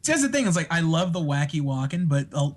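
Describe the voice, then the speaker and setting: A man's voice: on the high side, big pitch swings, a little fast. A man on a casual podcast, an impressionist who talks in an enthusiastic, jokey way.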